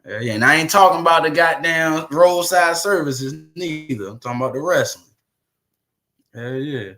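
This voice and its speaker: Brief: male streamer, fairly high voice, loose profane rambling chat to his viewers. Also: expressive, moderate pace, bright, forceful tone. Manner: profane, rambling, laughing between remarks. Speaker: livestream host. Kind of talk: casual livestream chat.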